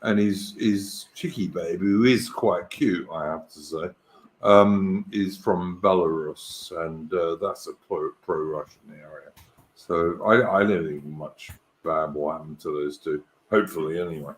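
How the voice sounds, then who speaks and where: A man's voice: low voice, a little slow. A man chatting bluntly on a live online stream. He gives firm opinions and calls people mate. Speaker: panelist on a live talk stream. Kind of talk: casual chat.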